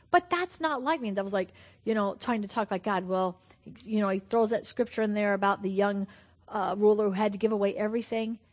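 A woman's voice: mid-range voice, brisk. A woman preaching a sermon in a fervent, earnest way, repeating her points for emphasis.

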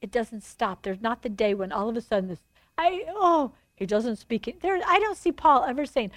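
A woman preaching a sermon, telling stories in an animated, emphatic way and acting out dialogue. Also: on the high side, moderate pace, no echo.

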